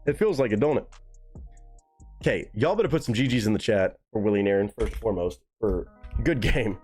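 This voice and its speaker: A young man hosting a live music reaction stream, talking casually and excitedly to his chat with plenty of swearing. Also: fairly low pitch, fairly quick, husky. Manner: excitable, profane, talks straight to chat.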